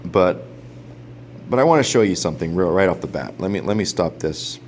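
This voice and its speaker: A man with a low, deep voice talks through a gadget review in an unpolished, casual way. He meanders with many fillers and restarts and chuckles often as he goes. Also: lively intonation, fairly quick, darkish tone, a little hiss or hum. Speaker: product reviewer.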